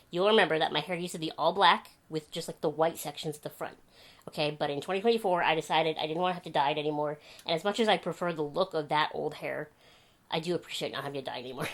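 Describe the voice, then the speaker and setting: A young woman vlogging at home, chatting to the camera and telling animated stories with laughs. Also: low-pitched. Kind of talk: casual chat to camera. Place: home bedroom.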